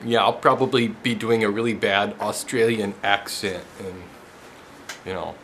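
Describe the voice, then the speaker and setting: A man's voice: on the low side, fairly even intonation, measured pace, a bit bright, slight background noise. A man hosting a woodworking show, chatting casually in his shop, self-deprecating and laughing often as he talks. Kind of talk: casual chat to camera.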